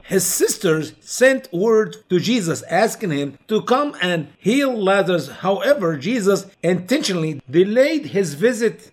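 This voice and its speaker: A man preaching a Bible teaching to his listeners, whom he calls his dear friends. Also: high-pitched. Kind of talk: sermon-style Bible teaching.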